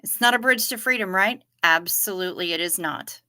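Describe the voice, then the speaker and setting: A woman's voice: medium pitch, a little fast, sharp tone. A woman hosting a livestream, chatting casually and answering viewer comments. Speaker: livestream host.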